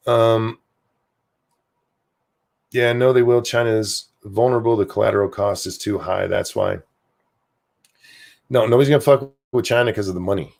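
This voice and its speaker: A man's voice: lowish voice, moderate pace, gravelly, pauses often, a little mellow. A man from the United States hosting a livestream, rambling casually and cursing freely as he reads out viewer comments. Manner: rambling, profane, offhand. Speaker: livestream host.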